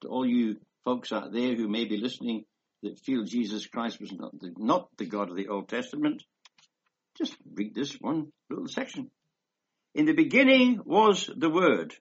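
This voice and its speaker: A man's voice: medium pitch, moderate pace, a little mellow, husky. A man giving a rambling, emphatic conversational sermon, reading scripture aloud between asides. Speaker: preacher. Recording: dull lo-fi recording.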